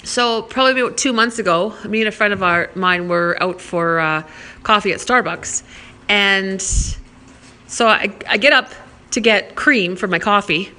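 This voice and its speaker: A woman tells a personal anecdote in a loose, animated way. Her voice is bright and forward, and she peppers her talk with "like" and the odd curse word. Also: mid-range voice, measured pace. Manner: animated, swears freely, heavy use of "like". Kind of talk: casual anecdote telling.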